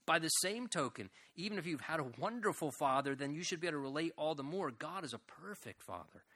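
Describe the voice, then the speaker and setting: A pastor delivers an earnest sermon in a slightly raised, very bright voice. He stretches key phrases slowly and lets his voice rise and fall widely. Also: on the high side, expressive.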